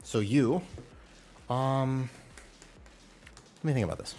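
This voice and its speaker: A man's voice: medium pitch, slow, darkish tone, slight background noise. A young man streaming live, chatting playfully with his viewers and reacting aloud to their messages. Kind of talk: casual livestream chat with viewers.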